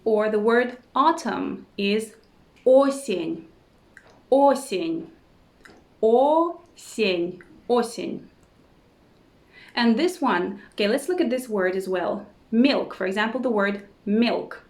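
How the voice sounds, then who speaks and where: A woman teaching a language lesson who says each word slowly and repeats it several times, with short words of encouragement. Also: a little high, expressive, a little mellow, echoey room. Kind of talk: slow repeat-after-me pronunciation lesson.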